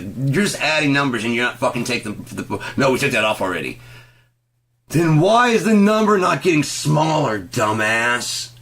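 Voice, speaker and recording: Angry man venting to camera in a low, rough voice, swearing nonstop. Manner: heavy swearing, retelling an argument with quoted back-and-forth, rising to shouts. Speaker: vlogger ranting to camera. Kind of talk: angry profane rant.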